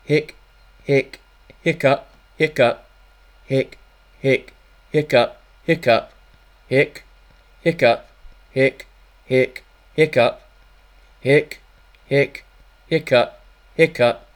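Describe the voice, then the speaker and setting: A man voicing a hillbilly cartoon father who hiccups, coughs and sneezes loudly, with exaggerated sound effects. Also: medium pitch, fairly even intonation, drawn-out words, long pauses, pitched above the performer's own voice.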